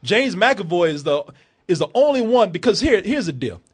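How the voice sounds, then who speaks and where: A man casually reviewing a film on a podcast, animated and profane, often laughing and acting out lines. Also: high-pitched, normal speed, slight background noise. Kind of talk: casual chat.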